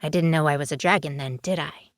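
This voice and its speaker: A woman voicing a stern, dry-witted dragon woman in human form, speaking in a clipped New York accent with firm, flat delivery. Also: low voice, fast, dry recording, lightly acted.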